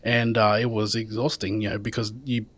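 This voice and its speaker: A man's voice: fairly low pitch, level tone, moderate pace. A man hosting a casual podcast chat, asking questions and often restarting his sentences. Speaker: podcast host.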